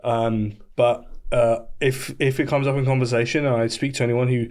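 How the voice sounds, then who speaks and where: A man's voice: mid-range voice, little pitch movement, moderate pace, darkish tone. A British man co-hosting a comedy podcast, riffing and building jokes in a casual chat. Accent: British English. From Britain. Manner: riffing, joking, escalating bits. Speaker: podcast co-host.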